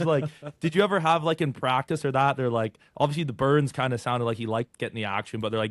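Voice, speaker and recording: A man hosting a casual podcast, chatty, with quick restarts. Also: medium pitch, no echo. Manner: rapid, chatty, trailing restarts. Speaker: podcast host.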